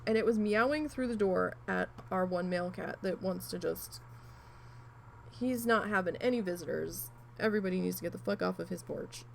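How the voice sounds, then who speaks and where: A woman with a gravelly, creaky voice at a middle pitch tells a long story in a loose, chatty way. She rambles with asides and swears now and then. A faint background noise sits under her. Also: low-quality recording. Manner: rambling, chatty, animated retelling with frequent asides and mild swearing. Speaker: crafting vlogger. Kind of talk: casual storytelling while needle felting.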